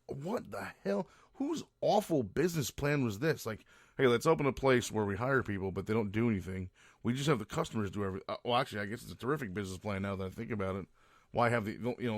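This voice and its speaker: A man's voice: medium pitch, no echo, studio quality. A man hosting a podcast, ranting in a rambling, profane monologue full of restarts. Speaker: podcast host. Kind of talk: casual monologue.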